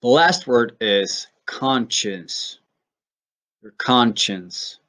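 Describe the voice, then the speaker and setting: A man from Sweden teaching English pronunciation, saying each word slowly and carefully and then using it in example sentences. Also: medium pitch, expressive, sharp tone. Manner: slow, careful word-by-word demonstration. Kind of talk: pronunciation lesson.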